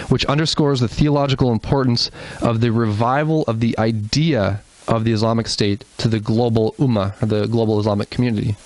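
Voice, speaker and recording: A man's voice: mid-range voice, a little mellow, low-quality recording. A man giving an earnest presentation in a church, explaining with asides and restarts. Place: church hall.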